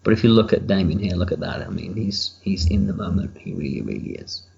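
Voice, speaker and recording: Recorded at home in lo-fi sound, a writer-director gives a relaxed audio commentary, talking candidly and at length, rambling and cursing casually. His low voice is gravelly and a little mellow, and he talks a little fast.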